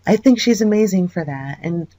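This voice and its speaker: A person speaking earnestly on a private late-night phone call. The voice is of middling pitch, and the tone stays apologetic and reassuring throughout. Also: animated, normal speed, warm tone, no room sound. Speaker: caller.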